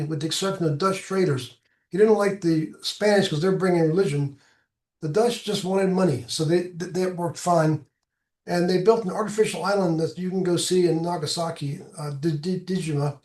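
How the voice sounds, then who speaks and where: Echoey high-voiced man giving a talk. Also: a little mellow, distant mic. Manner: halting, plainspoken explainer. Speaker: presenter giving a travel talk. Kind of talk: informal slide presentation. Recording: echoey room sound.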